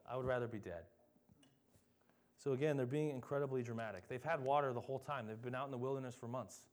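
Young man, preacher, sermon, chatty and self-deprecating, mid-pitched voice. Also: steady tone, racing. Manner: conversational, self-deprecating, mocks complainers with dramatic voices.

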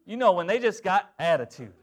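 A man's voice: high voice, sing-song, brisk. A young adult man preaching a sermon, emphatic, often checking in with the congregation. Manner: emphatic, call-and-response asides to the congregation. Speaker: pastor.

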